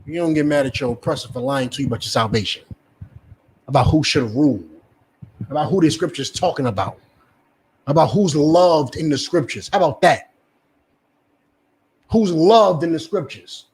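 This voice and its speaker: A man's voice: a little high, animated, normal speed, pauses often, darkish tone, a little hiss or hum. Fiery swearing male street preacher. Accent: New Jersey. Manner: fiery, swearing, acts out quoted voices. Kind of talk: street sermon teaching.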